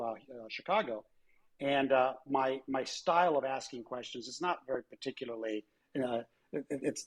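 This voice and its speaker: An older man with a husky, slightly breathy voice tells stories in a relaxed interview. He restarts often and slips into quoted voices as he talks. His pitch sits in an ordinary middle range. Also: rough recording. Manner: animated storyteller with frequent restarts and quoted voices. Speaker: former airline chief executive, interview guest. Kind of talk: conversational interview storytelling.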